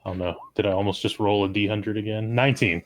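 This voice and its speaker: A man's voice: on the low side, steady tone, quick pace. A man playing a tabletop game, explaining his character's plans in an easygoing, hesitant way. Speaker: player. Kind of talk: casual tabletop play. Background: faint battle music.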